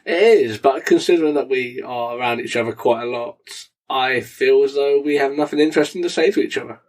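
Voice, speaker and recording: A man's voice: mid-range voice, fairly quick. A man co-hosts a laid-back podcast, rambling cheerfully and poking fun at himself. He sits a little back from the microphone, so his voice sounds slightly distant. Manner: chatty, self-mocking, giggly. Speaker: podcast co-host. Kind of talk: casual banter.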